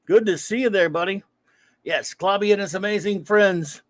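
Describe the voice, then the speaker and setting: The livestream host is a man with a high voice speaking at a moderate pace with no echo. He rambles casually, reads the chat out loud, and greets viewers by name.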